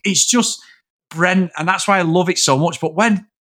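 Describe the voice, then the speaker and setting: A man's voice: sits high, moderate pace. A man co-hosting a casual film podcast, swearing and eagerly acting out his favourite scenes. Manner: animated, swearing, acts out scenes. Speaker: podcast co-host.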